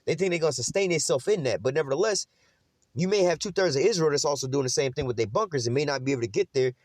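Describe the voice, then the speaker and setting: A man's voice: a little high, animated, racing, a little mellow, dry recording, studio quality. A man giving an informal scripture teaching, preachy and mocking, full of street slang and cursing. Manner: frequent "man" and "you know what I'm saying". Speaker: religious teacher.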